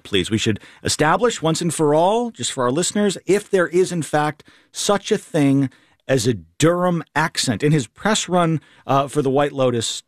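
A man's voice: medium pitch, dry recording, studio quality. A man co-hosting a radio interview, asking playful, emphatic questions. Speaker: radio co-host.

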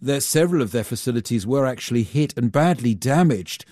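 A man's voice: medium pitch, lively intonation, a little fast, mellow, no room sound. A man reporting as a global affairs correspondent in a radio newsroom studio, explaining steadily with some fillers. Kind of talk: news analysis in studio.

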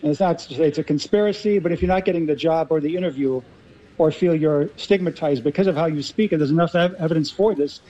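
A man's voice: a little high, fast talker, dark tone, highs cut off. A man with an American accent, explaining articulately as a guest in a radio discussion. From Los Angeles, US. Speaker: guest linguist.

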